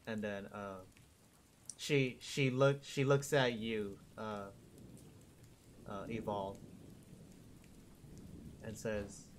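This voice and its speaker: A man narrating a tabletop game as dungeon master, slow and hesitant with restarts. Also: lowish voice, steady tone, a little hiss or hum.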